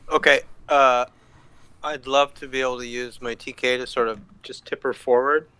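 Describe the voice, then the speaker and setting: A man's voice: medium pitch, fairly even intonation, normal speed, bright, forceful tone, clean tone, dry recording. A man player in a tabletop game, tentative and full of questions. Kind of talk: casual game chat.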